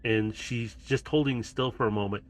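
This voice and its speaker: Man, game master, casual tabletop narration, middle pitch. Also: steady tone, moderate pace. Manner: casual, laughing, storytelling narration.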